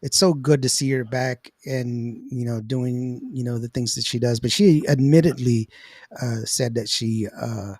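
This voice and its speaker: A man hosting an interview, effusive and halting, with many fillers as he talks. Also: medium pitch, fairly even intonation, a little mellow, husky, no room sound, clean studio sound. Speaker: radio host. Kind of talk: casual interview.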